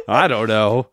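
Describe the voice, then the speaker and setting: A man's voice: lowish voice, background noise. A man co-hosting a podcast in casual chat, rambling, laughing and asking questions. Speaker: podcast co-host.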